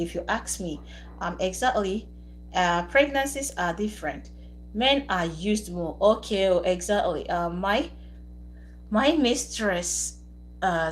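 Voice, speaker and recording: A woman's voice: lowish voice, slight background noise, poor audio. A woman hosting a live stream, chatting casually with viewers, teasing them and laughing often.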